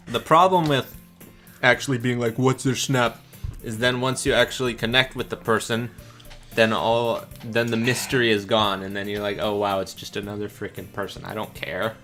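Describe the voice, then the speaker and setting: A man's voice: medium pitch, fairly bright tone. Joking, laughing male game streamer. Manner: jokey, laughs often, rambling tangents. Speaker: streamer host. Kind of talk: casual let's-play chat.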